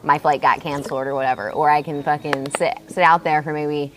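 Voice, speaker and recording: Relaxed low-voiced woman chatting frankly. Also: brisk, background noise. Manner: relaxed, frank, swears casually. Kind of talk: casual chat.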